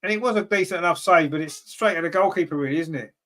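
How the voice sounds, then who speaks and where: Excitable male fan commentating a live football match. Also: quick pace. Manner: partisan, rises sharply in pitch and volume at chances; grumbles at team choices and reads viewer comments aloud. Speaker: fan commentator and channel host.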